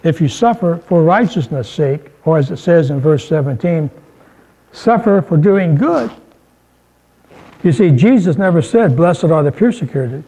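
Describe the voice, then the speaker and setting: A man's voice: fairly high pitch, lively intonation, unhurried, mellow, low-quality recording. A man preaching a sermon in a conversational way, mixing humor and scripture and lifting his voice for emphasis. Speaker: pastor.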